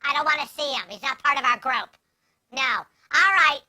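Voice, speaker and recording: A man's voice: very high voice, moderate pace, pushed and bright, voice pushed up, full character voice. A man voicing a bored, lazy female office clerk who whines and chats across the office. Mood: bored whiny. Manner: whiny, distracted, chatting across the office.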